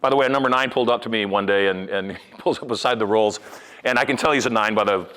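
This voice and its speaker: An older man giving a live seminar talk as a hypnotist and motivational speaker, with animated, punchy delivery that swings between loud emphasis and low asides. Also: fast talker, smooth. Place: large event room with a live audience.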